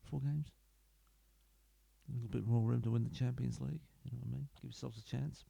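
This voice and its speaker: A man's voice: mid-range voice, steady tone, fairly quick, vocal fry, warm tone. A man giving casual, rambling commentary while playing a football management game at home, chatting to viewers with offhand asides. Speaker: gaming YouTuber. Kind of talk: casual let's-play commentary. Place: home room. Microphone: desk mic into computer.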